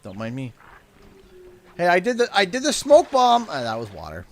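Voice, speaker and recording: A Canadian man in his thirties chats casually while livestreaming a game, telling stories, laughing, and acting out voices. His voice sits high with wildly swooping pitch, and he speaks at a moderate pace.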